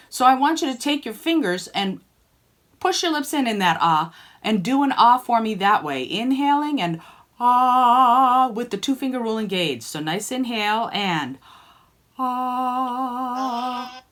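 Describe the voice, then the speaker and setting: A woman's voice: fairly high pitch, a bit bright. A woman singing teacher coaching students by name in an online group lesson, encouraging them and demonstrating sung vowels.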